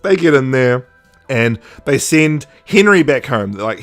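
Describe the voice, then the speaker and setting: A man hosting a podcast, recapping a story in a casual, animated way, laughing often and slipping into quick character voices. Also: mid-range voice, soft background music. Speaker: podcast host. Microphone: podcast microphone.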